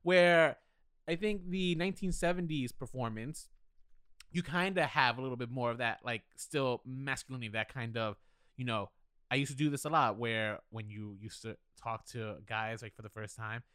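A man's voice: medium pitch, normal speed, a bit bright, smooth, no room sound, studio quality. A man co-hosting a podcast, giving candid, opinionated takes on films in a casual chat and owning up to his own bias. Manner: opinionated, candid, self-deprecating. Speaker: podcast co-host. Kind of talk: casual film discussion.

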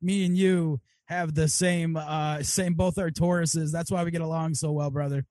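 A man's voice: on the high side, fairly even intonation, moderate pace, a little mellow, dry recording. Upbeat male podcast host. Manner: upbeat, grateful, profane. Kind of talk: casual chat.

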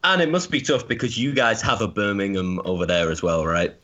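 A man's voice: fairly low pitch, big pitch swings, fairly quick, pushed and bright, dull audio. A man co-hosting a casual podcast, reading out fan questions and teasing his partner with jokes and swearing.

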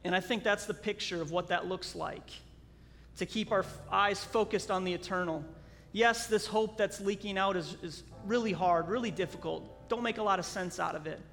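High-voiced pastor preaching in an echoing hall. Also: male voice, gravelly, a bit bright. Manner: earnest storytelling, halting restarts. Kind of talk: sermon. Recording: long hall reverb, faint music.

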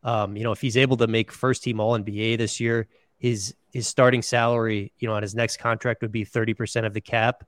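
A man's voice: on the low side, little pitch movement, brisk, dry recording. A man, a sports beat writer, answering questions in a casual podcast interview, often hedging with "you know, like".

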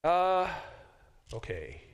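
A middle-aged man teaching a class, explaining with lively examples and frequent restarts. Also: a little high, very slow, clear, resonant tone. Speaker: professor teaching a Bible class. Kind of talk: classroom lecture.

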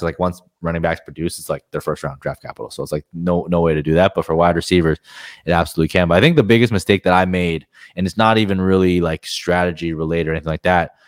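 Man, very deep voice, dry close mic, casual frank podcast guest, rambling. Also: dry recording.

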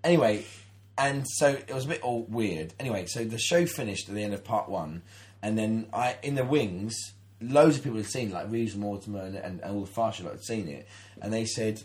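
A man's voice: lowish voice, animated, a little fast, darkish tone. A man in his thirties, co-hosting a casual podcast and telling a long story with many restarts and acted-out quotes. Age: 30s. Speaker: podcast co-host. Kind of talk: casual chat, anecdote.

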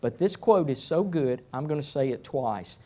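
A middle-aged man preaching a sermon as pastor, speaking slowly and deliberately. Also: a little high, animated, warm tone. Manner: slow, deliberate delivery.

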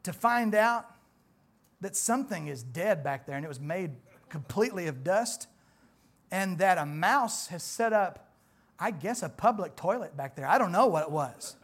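A man's voice: lively intonation, moderate pace. Folksy preacher in his forties. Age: 40s. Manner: folksy, conversational preaching that swells louder and higher on emphatic points. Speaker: pastor. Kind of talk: sermon. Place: church.

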